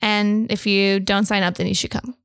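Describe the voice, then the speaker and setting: A woman's voice: medium pitch, level tone, moderate pace, clean tone, no echo. Woman events coordinator, casual podcast guest, enthusiastic and jokey, dry studio sound. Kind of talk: casual chat.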